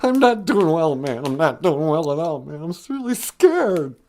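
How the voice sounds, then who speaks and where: A frantic, whiny cowardly lion of great age, as a man puts him on in a comedy call-in skit. He rises high and loud with every worry and keeps his voice jumping around in pitch. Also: very animated, moderate pace, slight background noise. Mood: panicked. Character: panicky ancient male cowardly lion caller.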